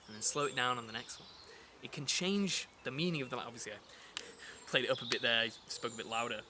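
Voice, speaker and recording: A man's voice: mid-range voice, fast talker, noisy background. Man, teacher, casual lesson, chatty, lots of fillers and restarts, birds and insects in the background.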